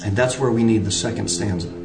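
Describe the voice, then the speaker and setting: A man's voice: fairly low pitch, fast, music in the background. A man preaching an earnest sermon, pressing his points with shifting emphasis and frequent restarts. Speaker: pastor. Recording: roomy, distant from the mic.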